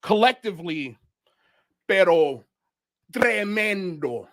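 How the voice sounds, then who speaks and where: A man's voice: high voice, expressive, slow, a bit bright. A man from Miami hosting a livestream, ranting in heated commentary as he calls people out. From Miami, United States. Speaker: show host.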